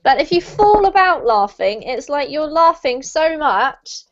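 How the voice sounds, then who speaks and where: A woman's voice: high voice, sing-song, measured pace. A woman teaching an online English lesson, encouraging and patient, laughing often as she explains. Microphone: video call. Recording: muffled online call audio.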